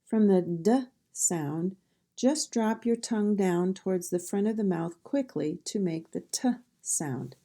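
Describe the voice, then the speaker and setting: A woman with a Midwestern American accent and a warm, medium-pitched voice teaches pronunciation in a slow drill. She carefully sounds out each phoneme and word.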